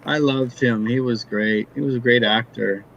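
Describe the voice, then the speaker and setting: A man in a casual chat who tells stories in an animated way, laughing as he goes. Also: medium pitch, normal speed, vocal fry, dull audio. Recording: faint background noise.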